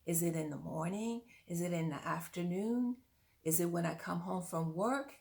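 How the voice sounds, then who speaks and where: A woman's voice: on the low side, normal speed, vocal fry, a little mellow. A woman parent coach giving earnest, direct-to-camera advice, often putting questions to the listener.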